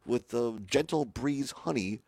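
A man hosting a radio talk show, his voice raspy today, chatty and upbeat. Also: medium pitch, lively intonation, a little slow, darkish tone, no room sound. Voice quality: upbeat, chatty, plugs and promos.

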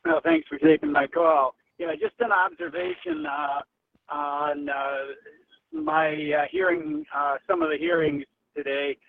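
A man calling in to a radio talk show, halting with many fillers. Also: high-pitched, big pitch swings, vocal fry. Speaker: caller. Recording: phone line.

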